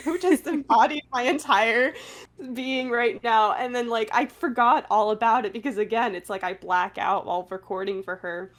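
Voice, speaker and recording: A woman's voice: a little high, steady tone, normal speed. A woman voice actor in a casual panel interview, chatty and giggly, with lots of fillers, talking over a remote call.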